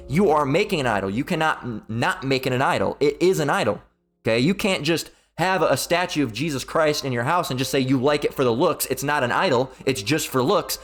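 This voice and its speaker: A man hosting a religious commentary video, ranting heatedly and repetitively, swearing and reading passages aloud. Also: mid-range voice.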